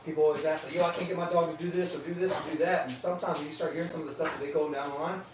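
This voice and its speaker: A man's voice: on the high side, steady tone, racing. A man working as a dog trainer, chatting in laid-back slang while he trains dogs and talks to viewers. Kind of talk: live-streamed training session chat. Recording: echoey room, off-mic, noisy.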